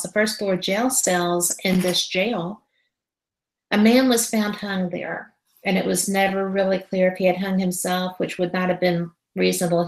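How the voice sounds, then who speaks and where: A woman with a low, gravelly voice tells a story as a guest in an interview. She is animated and acts out the conversations she describes. Her voice sounds roomy, with echo around it. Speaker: guest paranormal investigator and radio host.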